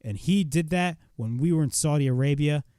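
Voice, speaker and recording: A man retelling a wrestling show in a casual, excitable recap, swearing freely as he goes. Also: fairly high pitch, brisk, no echo, studio quality.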